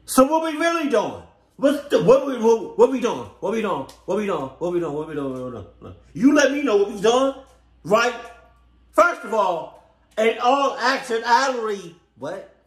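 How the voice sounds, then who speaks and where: A man's voice: high-pitched, big pitch swings, moderate pace. A man casually reacting to a story, rambling and repeating himself with lots of swearing. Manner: rambling, repetitive, profane. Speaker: reaction commentator. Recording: roomy echo.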